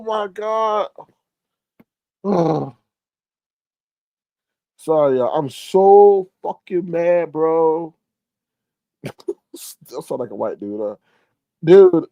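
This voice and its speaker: A man hosting a casual live stream, talking straight to his viewers and breaking into excited exclamations. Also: fairly low pitch, dry recording, rough recording. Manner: animated, exclaims often, talks to viewers directly.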